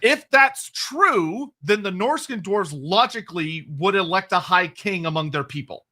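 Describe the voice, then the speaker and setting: A man's voice: sits high, animated, measured pace, pushed and bright. A man co-hosting a casual livestream, answering chat questions at length with frequent restarts and laughs. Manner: rambling, restarts, laughs often.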